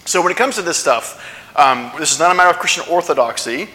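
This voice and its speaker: A man's voice: on the high side, expressive, fast talker, pushed and bright. A man preaching a sermon to his congregation in a conversational way, often checking in with questions. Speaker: pastor. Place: church sanctuary. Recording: long church hall reverb.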